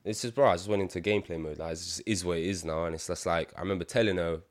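A man's voice: sits low, steady tone, racing. A young man, a podcast guest chatting casually about a reality show, laid-back and full of slang. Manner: laid-back, slangy, says "bro" a lot, laughs often. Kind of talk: casual chat.

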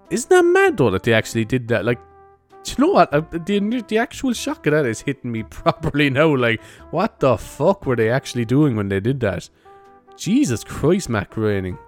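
A young man, a comedian, hosting his own podcast in a rambling, laid-back style, swearing freely and laughing at his own jokes. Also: mid-range voice. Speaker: podcast host. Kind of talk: casual solo podcast chat. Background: faint music and church bells.

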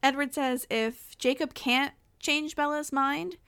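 Woman co-host with a high voice, casual sarcastic movie recap, easy swearing. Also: fairly even intonation, takes it slowly, a bit bright. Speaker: podcast co-host.

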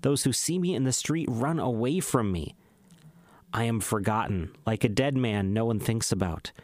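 A man reading the Bible aloud in a measured, solemn way, slowing down on emphatic phrases. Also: mid-range voice, darkish tone, dry recording. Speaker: scripture reader.

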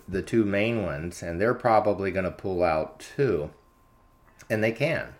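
A man hosting his own channel, telling a story in a chatty, unscripted monologue full of fillers and "I said" retellings. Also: sits low. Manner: chatty, frequent filler words, retells dialogue with "I said". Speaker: commentary channel host.

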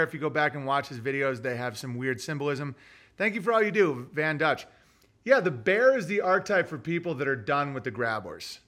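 Bright-voiced man chatting on a livestream. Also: a little high. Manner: rambling, profane, talks to his dog. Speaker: livestream host reading super chats. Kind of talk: casual livestream chat.

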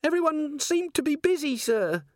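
A high, squeaky young dwarf woman, as a male narrator puts her on, nervous and endlessly polite in an audiobook reading. Her voice leaps about, and the room is dry and close. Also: big pitch swings, measured pace, a bit bright, dry recording, exaggerated voice. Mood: frightened. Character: young female dwarf corporal, timid and polite.

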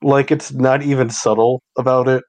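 A man of medium pitch co-hosting a relaxed movie talk. He drops wry, dry remarks as the others talk. The sound is close and dry. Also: normal speed, no room sound, rough recording. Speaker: podcast co-host. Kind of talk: casual movie review chat.

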